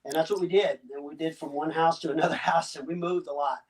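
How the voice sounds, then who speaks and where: Man in his 60s, slight Southern US accent, from Cuba, halting storyteller, restarts, chuckles, higher voice, off-mic sound. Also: steady tone. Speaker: guest. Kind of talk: casual interview storytelling. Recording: distant mic.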